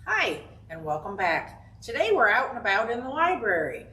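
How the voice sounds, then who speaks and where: A woman who works as a children's librarian, reading rhymes aloud inside a library and pausing so the kids can guess the last word. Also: a little high, big pitch swings, pushed and bright. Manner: slow, encouraging, pauses for kids to guess rhymes. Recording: roomy sound from a distant camera.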